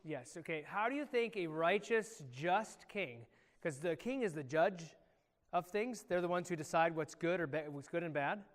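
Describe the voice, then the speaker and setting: Male pastor, high voice, animated kids' lesson, echoey church hall. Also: normal speed. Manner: animated, quizzes children by name. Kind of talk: children's Bible lesson.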